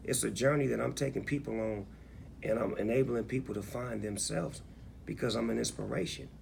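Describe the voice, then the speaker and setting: Gravelly laid-back man in an interview. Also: mid-range voice, steady tone, brisk, darkish tone, slight background noise. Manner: laid-back, reflective, keeps saying "you know what I'm saying". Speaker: interviewed rapper. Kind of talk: candid interview talk.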